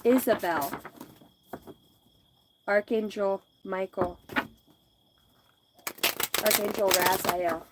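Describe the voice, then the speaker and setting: A woman hosting a live intuitive reading stream, giving slow, soothing spiritual messages and drifting into loose, laughing, profane stories. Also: mid-range voice, steady tone, heavy background noise. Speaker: psychic livestream host.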